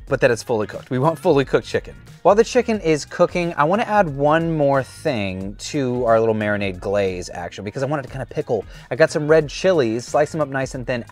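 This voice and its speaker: A man hosting a cooking show, demonstrating a recipe in an upbeat, chatty way that often restarts mid-sentence. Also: medium pitch. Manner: upbeat, chatty, self-interrupting.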